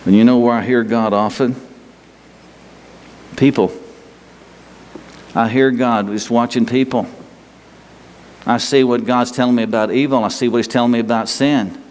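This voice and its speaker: A man's voice: medium pitch, steady tone, normal speed, long pauses, a little mellow. Folksy preacher man in a reverberant hall. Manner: folksy, rambling with restarts and chuckles. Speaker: pastor. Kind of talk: sermon.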